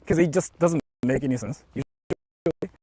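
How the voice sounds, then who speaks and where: Here a young man wanders outdoors chatting casually with stream viewers, his voice a little high, warm, and slightly rough at a moderate pace, with no echo. The talk is loose and meandering, full of "like" and false starts.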